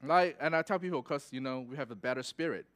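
A young adult man preaching a sermon, telling a personal story in a casual, animated way and laughing as he goes. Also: mid-range voice, fast. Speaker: pastor.

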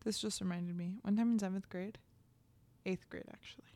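A woman's voice: medium pitch, fairly even intonation, a little fast, warm tone. A young woman co-hosting a podcast, chatting casually and telling stories, with some swearing and bits of Spanish. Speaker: podcast co-host. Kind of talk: casual chat.

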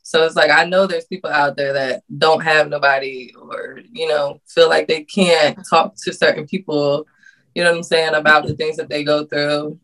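A woman's voice: deep voice, fairly even intonation, normal speed, fairly bright tone, poor audio. A woman guest on a podcast who creates content, talking in a casual, earnest and heartfelt way, laughing often.

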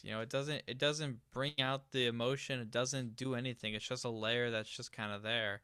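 Male co-host, casual music chat, forceful crisp voice, dry close sound, blunt opinions. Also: mid-range voice, fairly even intonation, moderate pace, dry recording. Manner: blunt and opinionated, trailing off into hedges. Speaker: podcast co-host.

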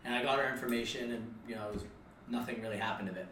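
A man's voice: medium pitch, fairly even intonation, very fast, fairly bright tone, a little hiss or hum. A young man co-hosting a casual podcast chat, explaining ideas at length with frequent restarts. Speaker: podcast co-host. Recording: roomy, distant mic.

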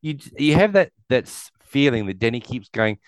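A man's voice: mid-range voice, very animated, moderate pace, smooth, no echo. A man casually recapping a movie on a podcast, retelling scenes and acting out the characters' lines. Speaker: podcast co-host. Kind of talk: casual film recap chat.

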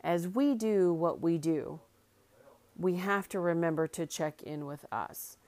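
A woman's voice: fairly low pitch, a little slow, darkish tone, no room sound. A middle-aged woman from Arkansas, hosting a casual, heartfelt talk and rambling with many fillers and restarts. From Arkansas, US South.

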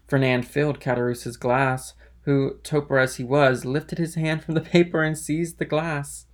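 Male reader, classic novel audiobook, steady and plain. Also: fairly high pitch, measured pace, hardly any pauses. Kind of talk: audiobook narration.

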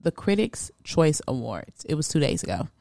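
A woman's voice: sits low, sing-song, moderate pace, gravelly, dark tone, no room sound, clean studio sound. A woman co-hosting a casual podcast, blunt and sassy as she gossips. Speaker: podcast co-host.

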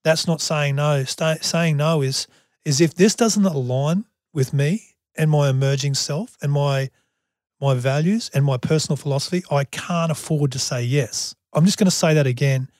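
A man's voice: a little high, moderate pace, a little mellow, no room sound, studio quality. A man hosting a motivational podcast, talking earnestly and often repeating words as he restarts. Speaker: podcast host.

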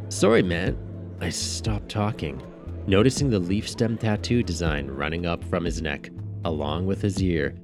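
Deep-voiced man narrating a story. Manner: casual, wry storytelling. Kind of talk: first-person audiobook narration.

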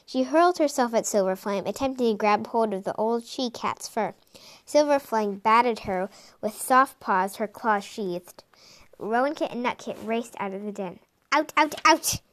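A woman reading an animal storybook aloud in a lively, expressive way. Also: a little high, moderate pace. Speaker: reader.

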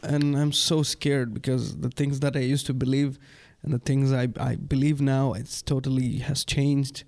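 A man's voice: mid-range voice, little pitch movement, normal speed, gravelly, a little mellow. A man with a South Asian English accent, talking hesitantly in casual podcast chat. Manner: hesitant, many restarts. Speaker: podcast co-host.

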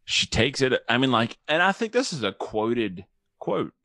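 A man's voice: medium pitch, very animated, bright, forceful tone, no echo, studio quality. Joking young man on a podcast. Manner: loose and joking, quick to laugh and goof around. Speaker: podcast co-host. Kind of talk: casual chat.

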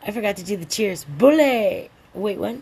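A woman hosting a rambling solo podcast, a little drunk and stoned, drawling along and breaking into excited outbursts. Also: medium pitch, slightly rough. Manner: tipsy, meandering, slow drawl with sudden excited outbursts. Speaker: podcast host.

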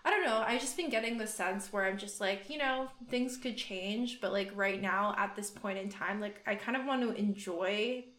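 A young woman talks loosely on a podcast, her thoughts wandering and circling back through a stream of fillers. The sound has a roomy echo around her. Her pitch sits in an ordinary middle range. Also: moderate pace, hardly any pauses, a bit bright. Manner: rambling, many fillers and restarts. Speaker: podcast co-host. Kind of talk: casual chat.

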